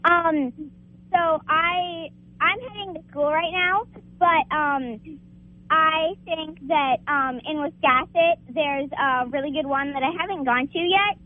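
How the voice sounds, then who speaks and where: Teen girl calling in, super high voice, hesitant, tinny phone sound. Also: slow, no room sound. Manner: hesitant, polite. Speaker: caller.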